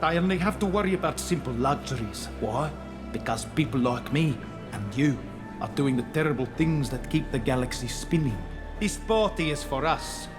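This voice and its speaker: An actor playing a grandiose male crime host with a South African accent, speaking in a smooth, lecturing manner. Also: a little high, lightly acted. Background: game music.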